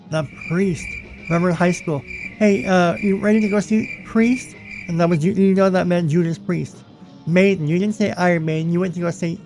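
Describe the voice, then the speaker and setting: Male vlog host, casual and rambling, gravelly tone, soft music bed under him. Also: sits high. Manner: chatty, rambling, repeats himself. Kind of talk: casual magazine flip-through.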